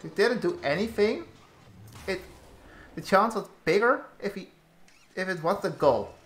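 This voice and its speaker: Slow-talking man commentating gameplay. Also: high-pitched, lively intonation, a bit bright, echoey room, soft background music. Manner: slow, halting commentary with frequent restarts, exasperated at teammates. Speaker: gaming YouTuber.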